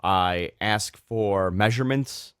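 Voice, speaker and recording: A middle-aged man, speaking fairly low as he co-hosts a tech podcast. He is chatty and quick to jump in, stumbling through restarts. The sound is dry and close. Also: clear, resonant tone, no echo. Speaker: podcast co-host. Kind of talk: casual tech chat.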